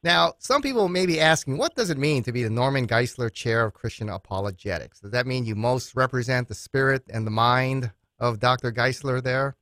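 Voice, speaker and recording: A man hosting a Christian radio interview show in an earnest, steady way. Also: medium pitch, fairly quick, few pauses, dry recording, clean studio sound.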